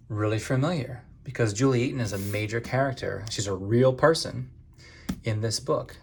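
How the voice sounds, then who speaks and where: A man's voice: mid-range voice, creaky, a little hiss or hum. A man from Maine giving a casual spoken book review in a conversational, hesitant way.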